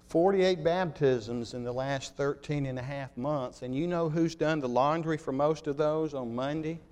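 A man preaching a sermon to his congregation, telling stories and slowing down on key words, often dropping to a quiet voice. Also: on the high side. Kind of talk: sermon with illustrations.

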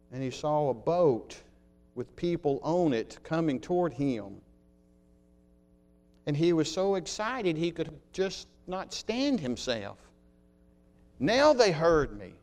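A man preaching a sermon to his congregation, telling stories and slowing down on key words, often dropping to a quiet voice. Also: a little high, clean tone. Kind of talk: sermon with illustrations.

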